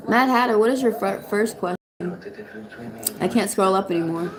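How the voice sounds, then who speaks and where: A woman's voice: medium pitch, moderate pace, crowd noise. Chatty Southern woman reading tarot. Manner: chatty, loose, swears casually. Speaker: tarot reader. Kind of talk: casual livestream tarot reading.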